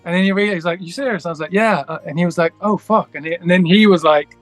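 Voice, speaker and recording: A man's voice: high-pitched, fast talker, no echo, faint music behind. A man, a guest musician, telling a long story in a casual interview, rambling with many restarts and acting out the dialogue.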